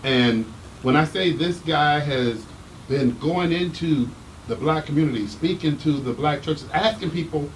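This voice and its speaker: A man hosting a casual talk show, animated and emphatic, teasing his guest. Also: a little high, unhurried, slight background noise, low-quality recording. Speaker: host. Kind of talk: casual chat.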